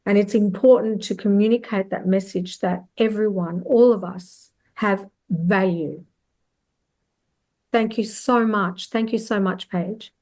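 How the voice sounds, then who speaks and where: A woman, hosting a podcast interview, effusive and quick to affirm her guest. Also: medium pitch, fairly even intonation, a little mellow. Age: 50s. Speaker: podcast host. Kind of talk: interview conversation.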